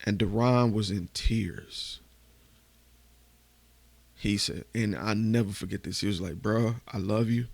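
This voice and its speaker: A man podcast host telling a candid, emotional personal story, swearing casually and going hushed at the painful parts. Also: fairly low pitch, fairly even intonation, a little slow, gravelly, long pauses, dry recording.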